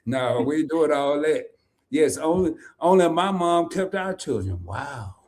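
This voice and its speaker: A man with a fairly high voice hosts a loose, chatty live stream. He jokes and teases, and his voice jumps into loud laughing bursts. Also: lively intonation, measured pace, a crowd in the background. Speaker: host. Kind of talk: casual live-stream chat.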